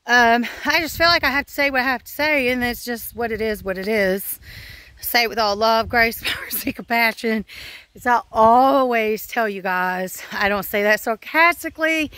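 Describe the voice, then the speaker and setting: Out on her farm, a female homesteader chats candidly into her phone camera, meandering with fillers and sighs. Her fairly high voice sounds pushed and bright in a dry recording.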